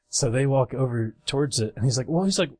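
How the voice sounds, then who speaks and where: A man's voice: mid-range voice, steady tone, normal speed, darkish tone, no room sound. A young man on a podcast telling a long rambling story in casual chat, acting out other people's voices and laughing at himself.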